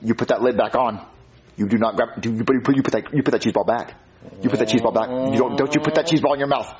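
Mean scolding dad, man voicing, fast talker, lo-fi. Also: mid-range voice, a little mellow, a little hiss or hum, voice pushed down, natural voice. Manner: scolding, sarcastic. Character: exasperated mean father.

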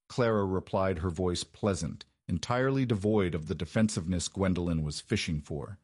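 A man narrating a period romance story in a measured, dramatic way. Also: sits low, a little mellow, breathy edge, no room sound, clean studio sound. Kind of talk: scripted narration.

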